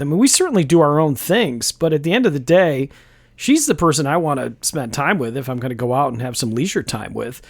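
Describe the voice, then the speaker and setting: A middle-aged man from upstate New York hosts a casual interview in a slightly high voice. He talks earnestly and warmly, stumbling over repeated words as he restarts his sentences. The recording is dry and close. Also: animated, fast talker, no room sound. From Brighton, Rochester, New York. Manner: earnest and friendly, stammering restarts. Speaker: podcast host.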